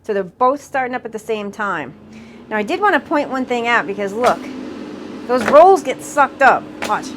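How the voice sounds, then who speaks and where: Woman, slightly high voice, chatty home-cooking vlogger, camera mic in a kitchen with faint room hum. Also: animated, normal speed. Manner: chatty, narrates each step. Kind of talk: casual cooking demo.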